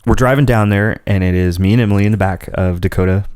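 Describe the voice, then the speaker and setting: A man's voice: on the low side, fast, darkish tone, smooth, dry recording, studio quality. A man hosting a casual podcast, telling rambling stories and laughing often. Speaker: podcast host. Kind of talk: casual chat.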